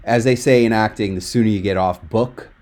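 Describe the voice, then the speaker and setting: A man's voice: lowish voice, a little fast, darkish tone. A man coaching a speaker on a video call, talking in a direct, emphatic and encouraging way. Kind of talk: webinar coaching feedback.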